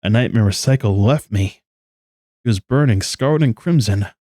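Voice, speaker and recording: A man's voice: on the low side, moderate pace, mellow, dry recording, studio quality, natural voice. A man reading aloud the earnest, trembling inner monologue of an anxious, lovesick young male student from a game.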